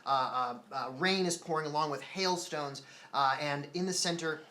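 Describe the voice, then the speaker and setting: A man narrates a tabletop game as game master, building the scene steadily through frequent fillers. His voice is bright and forceful, with faint hiss behind it. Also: a little high, moderate pace. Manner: steady, descriptive, with many fillers.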